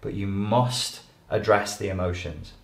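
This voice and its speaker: A man giving an animated, emphatic lecture to an audience as a life coach. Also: lowish voice, unhurried, vocal fry. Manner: animated, emphatic, acts out quoted voices. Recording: echoey room.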